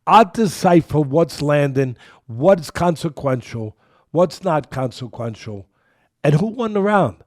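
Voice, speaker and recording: An older man giving an emphatic, repetitive fight breakdown as co-host, at times dropping to a low mutter. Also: animated, measured pace. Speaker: boxing analyst co-host.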